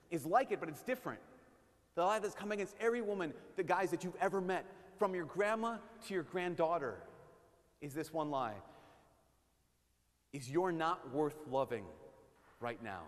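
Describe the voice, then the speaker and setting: A man preaching as a priest, in an animated, joking way that slips into impressions. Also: a little high. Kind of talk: sermon. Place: church. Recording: long church reverb.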